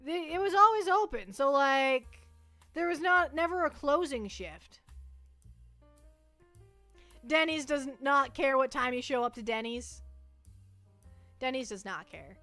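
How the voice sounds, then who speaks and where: A high-pitched young woman with a bright, sharp tone chats on a livestream. She rambles playfully, tripping over restarts, with faint music under her voice. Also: lively intonation, unhurried, long pauses, dry recording. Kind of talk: casual livestream chat.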